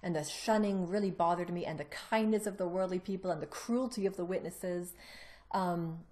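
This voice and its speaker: A woman's voice: fairly low pitch, normal speed. A woman telling her own story in a casual interview, rambling with restarts and acting out what others said. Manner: animated storyteller who acts out other people's lines.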